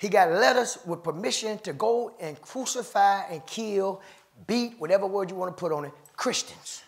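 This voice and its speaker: In a church sanctuary, a man with a high, gravelly voice preaches at a moderate pace with fervent call-and-response rhythm. He laughs between phrases, swells into shouts and keeps the sermon rolling with repeated refrains.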